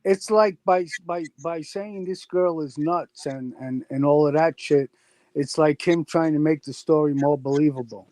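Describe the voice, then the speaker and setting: A man's voice: a little high, unhurried, darkish tone, no room sound. A man co-hosting a casual chat, skeptical and often stammering as he restarts.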